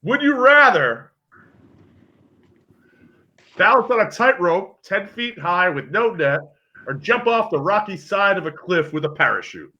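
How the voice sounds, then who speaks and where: Man, co-host, animated storyteller, bright sharp voice, lively pitch, dull lo-fi call sound. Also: moderate pace. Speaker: co-host reading questions. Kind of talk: casual chat on a video call.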